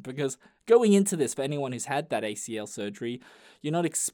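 A man's voice: medium pitch, sing-song, a little fast, dark tone. A young man hosts a podcast and tells stories in casual chat. He talks in a loose, profane, jokey way and often trips over and restarts his sentences. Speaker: podcast host.

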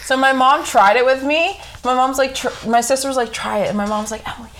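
A woman's voice: sits high, a little fast, a little hiss or hum. A young woman on a casual podcast chat who tells stories with lots of laughter and swearing. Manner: laughs often, animated storytelling, swears freely.

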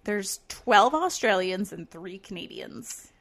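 A woman's voice: medium pitch, animated, slow, fairly bright tone. A woman co-hosting a casual podcast, rambling with many fillers and frequent laughs. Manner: rambling, giggly, lots of fillers. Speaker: podcast co-host.

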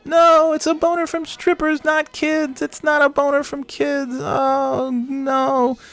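A man's voice: very high voice, little pitch movement, takes it slowly, creaky, a bit bright, soft background music, pitched above the performer's own voice, exaggerated voice. A man voicing a panicked, desperate grown man who shrieks frantically.

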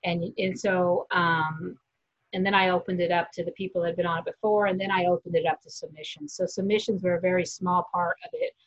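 A woman's voice: lowish voice, steady tone, brisk, dull audio. A woman who organizes a comedy festival, talking earnestly in a casual interview with frequent ums.

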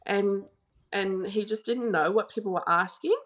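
A woman's voice: medium pitch, normal speed, fairly bright tone. An Australian woman in her thirties, a podcast guest telling stories in a chatty way, full of "like" fillers. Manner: chatty, storytelling, many "like" fillers. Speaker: guest photographer. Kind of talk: casual podcast chat.

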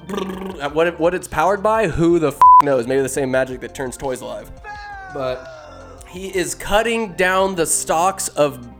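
Young dude ranting about movies, swears a lot, voice sits a bit high, faint music behind him. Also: male voice, fairly bright tone. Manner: profane, rambling, self-deprecating jokes. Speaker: solo movie-ranking streamer. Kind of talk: casual rambling commentary.

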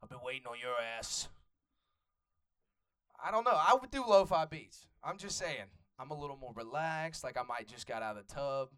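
A man's voice: fairly high pitch, animated, brisk, few pauses, a bit bright. A young man from Atlanta with a Southern Atlanta accent, doing loose, profane stand-up crowd work on a comedy club stage. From Atlanta, USA. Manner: loose, profane, riffs with the audience.

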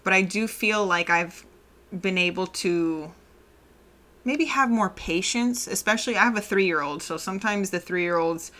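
A woman's voice: mid-range voice, bright, forceful tone. A woman, a mother of a toddler, talking candidly and reflectively in a casual personal monologue, often laughing.

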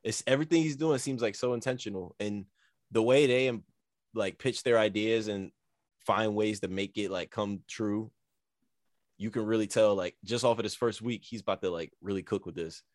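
A man with a fairly low voice talks in an easygoing, slangy way, letting his sentences drop off quietly. The sound is dry and close, with no room around it. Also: normal speed, dry recording. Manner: laid-back, slangy, trails off softly. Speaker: podcast co-host. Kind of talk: casual chat.

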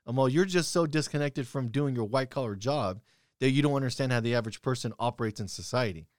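A man's voice: mid-range voice, quick pace, dry recording, studio quality. A young man telling stories bluntly and profanely in casual chat, quoting his own heated retorts.

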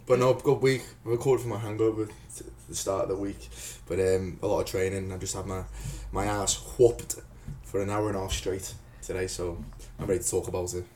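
A man's voice: low-pitched, steady tone, brisk, hardly any pauses, darkish tone, a little hiss or hum. Laid-back Northwest English man. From England. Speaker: co-host. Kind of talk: casual podcast chat.

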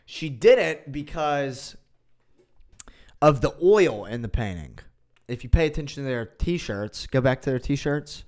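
A man's voice: mid-range voice, animated, a little slow, a little mellow. A man hosting a podcast in casual chat, talking in a sarcastic, mocking way. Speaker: podcast host.

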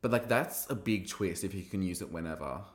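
A man hosting a podcast, recapping a TV episode in a gossipy, animated way and acting out quoted lines. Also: low voice, a little fast, roomy sound. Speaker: podcast host reviewing a TV episode. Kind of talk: casual recap chat.

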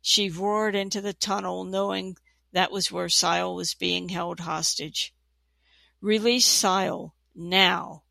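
A narrator reading a fantasy storybook aloud in a steady, plain way. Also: mid-range voice, measured pace, gravelly, no room sound. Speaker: audiobook narrator.

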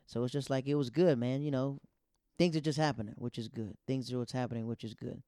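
Mellow-voiced man telling stories, dry sound. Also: medium pitch, clear, resonant tone, no echo. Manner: animated, repeats himself, quotes others in quick voices. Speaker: comedian podcast host. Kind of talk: casual storytelling monologue.

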